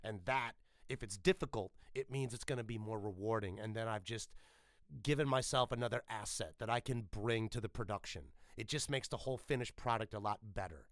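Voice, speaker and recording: A man talks shop as a voice actor guest, animated and emphatic, with a bright, tense edge to his voice. The sound is dry and close, with no room around it. He swears freely as he makes his points. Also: fairly low pitch, brisk, dry recording. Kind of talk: casual interview chat.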